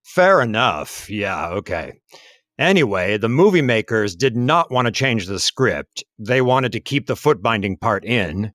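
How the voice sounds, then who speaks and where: A man co-hosting a history podcast, talking in a relaxed, musing way with frequent fillers. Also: lowish voice, a little slow, dry recording. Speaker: podcast co-host. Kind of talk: casual history podcast chat. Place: lives in Taiwan.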